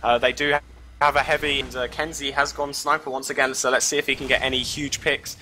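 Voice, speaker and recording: A man commentating a live esports match with an excitable, chatty manner and easy laughter. His voice is bright and forward, at a middle pitch, with a faint hiss in the recording. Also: fast talker. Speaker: esports caster.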